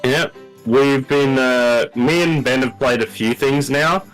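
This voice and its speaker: A man's voice: mid-range voice, takes it slowly, soft background music, rough recording. A young man co-hosting a game playthrough, talking loosely with swearing and laughter. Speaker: let's-play co-host. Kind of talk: casual gameplay chat.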